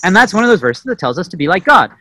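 A young adult man giving a conversational sermon, often asking "right?" and acting out quotes with sudden loud bursts. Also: sits high, sing-song, fast, background noise. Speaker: preacher. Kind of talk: informal sermon teaching.

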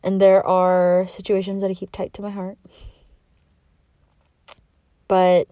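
Young woman podcast host, rambling and heartfelt, mellow lowish voice, dry close sound. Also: completely flat delivery, normal speed, no echo. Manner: rambling, heartfelt, self-reflective, with laughs. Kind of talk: candid solo podcast monologue.

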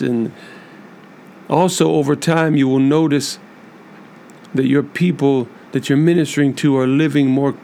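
A man hosting a podcast, speaking earnestly and emphatically to church leaders in a measured monologue with many repeated lists. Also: mid-range voice, gravelly, a little mellow, slight background noise. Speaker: podcast host.

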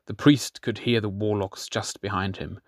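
Lowish-voiced man narrating an audiobook. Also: fairly even intonation, normal speed, dry recording, studio quality.

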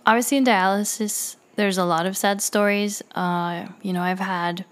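Woman telling clinic stories in a rambling, filler-heavy way, mid pitch. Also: fairly even intonation, normal speed. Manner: rambling, with frequent fillers and restarts. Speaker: dialysis clinic staff member. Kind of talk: casual personal storytelling.

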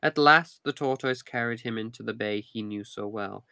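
A man narrating a fairy tale in a steady, measured reading voice. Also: lowish voice, creaky, clean tone, dry recording, clean studio sound. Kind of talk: storybook reading.

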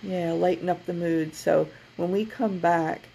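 This is a woman co-hosting a podcast, her voice low, warm and heavily gravelly. She chats loosely with plenty of fillers and restarts, then eases into introducing a guided meditation. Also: fairly even intonation, measured pace, a little hiss or hum, poor audio. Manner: chatty, rambling with many fillers. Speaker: podcast co-host.

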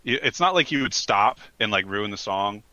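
A man's voice: fairly low pitch, lively intonation, normal speed, pushed and bright, no echo. A man in casual chat as a podcast co-host, earnestly and emphatically recommending things. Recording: slightly dull, lo-fi mic.

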